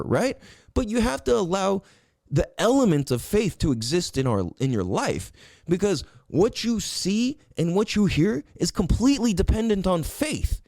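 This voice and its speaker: A young man riffs alone on his podcast, swearing freely and preaching like a friend. His voice sits high and leaps all over the place, jumping up for emphasis and dropping low to stretch out words. The sound is close and dry. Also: no room sound. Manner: profane, animated and preachy, swings between loud highs and low drawn-out words. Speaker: podcast host. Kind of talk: casual monologue.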